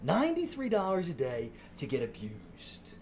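A man's voice: on the high side, huge pitch swings, normal speed, darkish tone, a little hiss or hum. A man hosting a podcast, telling exasperated, profane comic stories. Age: 30s. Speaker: podcast host. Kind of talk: comedic storytelling monologue.

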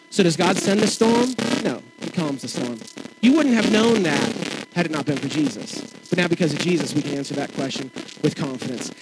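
Guy pastor preaching a sermon, kinda high voice, chatty and animated, loud noisy background. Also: fairly quick. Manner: conversational, animated preaching with asides and self-deprecating jokes. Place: church sanctuary with congregation.

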